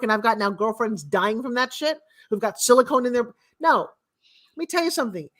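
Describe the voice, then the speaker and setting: A middle-aged woman speaks as a guest speaker and mentor, delivering a blunt, emphatic motivational talk. Her voice is fairly high and her pace brisk, with loudness that swings sharply.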